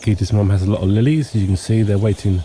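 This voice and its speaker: A man with hay fever, sniffling and clearing his throat, casually narrating a walking tour outdoors at dawn. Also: on the low side. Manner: relaxed, unhurried, frequent ums and pauses. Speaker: homestead vlogger. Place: outdoors in a countryside yard at dawn. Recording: faint outdoor noise with birds. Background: birdsong and insects.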